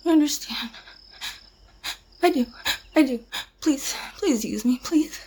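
A woman's voice: high voice, slow pace, darkish tone. A woman playing a terrified, tearful pleading woman.

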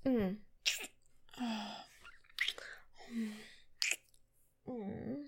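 A woman's voice: a little high, takes it slowly, heavy background noise. A woman in a whispered role-play, speaking to a partner in an intimate, flirty, playful way. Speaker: audio role-play performer.

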